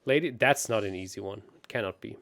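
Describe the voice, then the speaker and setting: A man's voice: on the low side, fast talker, fairly bright tone. A man co-hosting a casual chess show, thinking aloud about moves and laughing often. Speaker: co-host.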